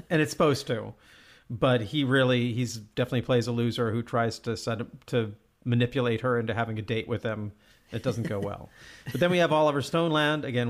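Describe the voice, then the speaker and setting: A man hosting a podcast, chatting enthusiastically and laughing often while recapping comedy sketches. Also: mid-range voice. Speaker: podcast host. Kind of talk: casual podcast chat.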